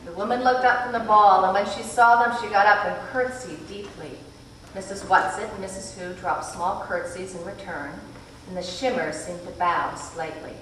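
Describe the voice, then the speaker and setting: A woman reading a novel aloud at a live event, with measured, expressive narration. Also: mid-range voice. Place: event hall. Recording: echoey hall from far off, faint noise.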